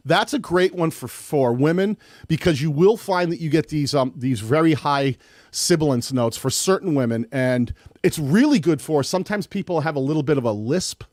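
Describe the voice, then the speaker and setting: A man's voice: fairly high pitch, expressive, normal speed, a little mellow, dry recording, studio quality. A man hosting a live-streamed audio tutorial, talking casually and rambling a little, with a slight lisp on his S sounds. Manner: chatty, rambling with restarts. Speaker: host.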